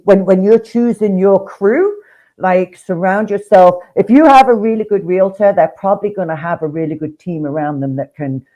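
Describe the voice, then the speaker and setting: A woman with a Nottingham accent co-hosting a casual real estate chat, talkative and quick to swear and use slang. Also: mid-range voice, warm tone, highs cut off. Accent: Nottingham English. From Nottingham, England. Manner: chatty, swears freely, slips into slang. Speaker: co-host, real estate professional.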